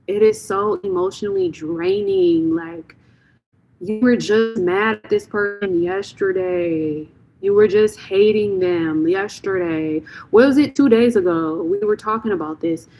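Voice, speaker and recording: A woman's voice: mid-range voice, lively intonation, a little slow, dark tone, low-quality recording. A young woman reading tarot on a live stream, talking casually and bluntly, repeating phrases as she vents to a viewer.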